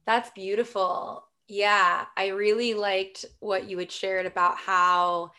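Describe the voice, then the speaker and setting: A woman's voice: mid-range voice, flat delivery, slow, pushed and bright. A woman hosting a podcast interview, enthusiastic and affirming, with many fillers. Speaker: podcast host. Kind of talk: casual interview.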